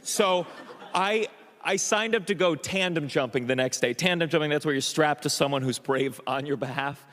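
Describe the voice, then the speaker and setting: Stand-up comedian, man with a higher voice, nervy self-mocking storytelling, stage reverb. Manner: excitable, self-mocking, stammered restarts.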